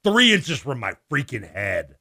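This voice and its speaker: A man's voice: medium pitch, measured pace, vocal fry. A man, co-hosting a sports radio show and telling stories in casual chat, acting out the voices with laughs. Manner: animated storyteller, acts out voices and laughs.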